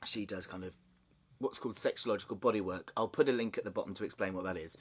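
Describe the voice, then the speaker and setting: A man sharing a personal story in a candid, halting way, with nervous laughs and frequent restarts. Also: lowish voice, husky. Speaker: vlogger. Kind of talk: personal confessional vlog.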